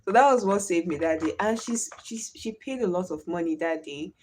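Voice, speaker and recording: A woman's voice: fairly low pitch, a little fast, slight background noise. Nigerian woman with a Warri Pidgin accent. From Delta State, Nigeria. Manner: animated storytelling, switches into Pidgin. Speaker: livestream host. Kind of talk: casual livestream chat.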